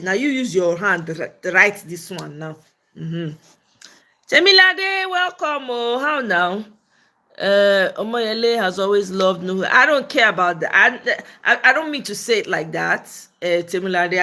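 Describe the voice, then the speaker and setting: A woman's voice: medium pitch, sharp tone. A Nigerian woman hosting a political livestream, slipping between English and Pidgin. She greets viewers by name and scolds commenters bluntly. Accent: Nigerian, mixing Pidgin. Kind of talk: casual live-stream commentary, reading and answering viewer comments.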